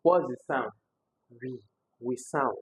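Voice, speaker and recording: Husky man explaining exam answers. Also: medium pitch, takes it slowly. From Nigeria. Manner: explains step by step, repeats words aloud to show sounds. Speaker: exam tutor. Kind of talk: exam prep lesson. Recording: tinny phone-like audio.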